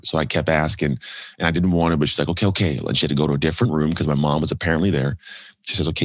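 Low and a bit husky, this man speaks quickly and with energy while sharing a personal story as a guest in a casual podcast interview. He mimics others' voices as he quotes them, and the audio is close and dry, with no room sound at all.

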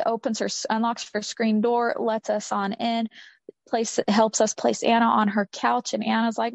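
A woman's voice: mid-range voice, dry recording. Woman, interview guest, earnest personal story, repeats for emphasis, dry close sound, muffled lo-fi audio. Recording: dull lo-fi sound.

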